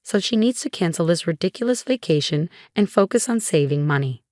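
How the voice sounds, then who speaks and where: A woman voicing a meddling, scornful older mother-in-law in a storybook reading, with an even, flat delivery. The voice is low-set and the sound is dry. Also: fairly quick, no echo, close to an everyday voice.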